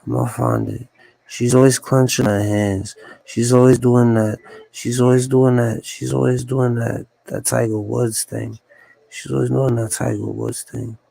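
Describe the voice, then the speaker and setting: A man's voice: medium pitch, little pitch movement, a little slow, creaky, warm tone, no echo, rough recording. A man talking to himself on a solo livestream, rambling and repeating his lines in a musing, conspiratorial way. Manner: repetitive, musing aloud, conspiratorial.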